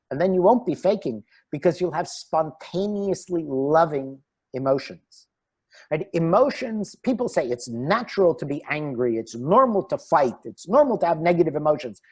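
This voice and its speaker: A man giving an online talk as a relationship coach, animated and laughing between his points. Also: on the high side, normal speed, husky.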